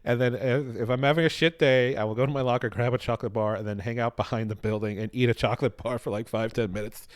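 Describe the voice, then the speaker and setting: A man hosting a casual podcast, talking quickly at a middle pitch. The sound is dry and close, with no room around it, and he chats loosely, swearing and joking. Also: no echo. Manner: fast, animated talker with swearing and laughs. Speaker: podcast host; library security worker. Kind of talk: casual chat.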